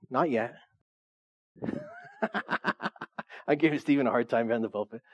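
A man's voice: fairly high pitch, a little mellow, muffled recording. A man preaching a sermon as pastor, reading scripture and slipping in joking asides to the congregation.

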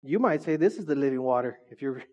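A man's voice: medium pitch, animated, fast talker, a little mellow. A man preaching a casual, joking sermon, teasing his audience and asking them questions.

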